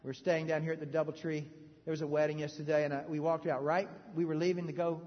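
A man preaching a sermon, animated and joking with the audience, swinging between loud bursts and hushed moments. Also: fairly high pitch, fast. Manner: joking, conversational asides to the audience. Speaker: pastor. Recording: reverberant hall, dull lo-fi sound.

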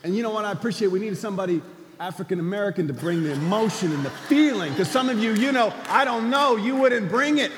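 A pastor preaching with a high, bright-pitched voice, his words ringing out through a reverberant hall. He swings from loud, stirring cries to low, hushed lines as he speaks to his congregation. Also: fast, slight background noise. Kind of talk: sermon.

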